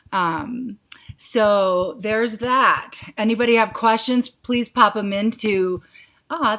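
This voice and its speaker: In a casual live stream, a woman with a mid-range, slightly bright voice hosts a psychic Q&A. She reads viewers' questions aloud, gives quick intuitive yes-or-no readings, and calls people sweetie and honey.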